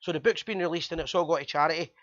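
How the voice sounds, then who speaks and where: Fast-talking Scottish man, high and dry. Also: fairly bright tone, no room sound, dull audio. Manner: fast, chatty, jokey. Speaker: chat show host. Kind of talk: casual fan chat.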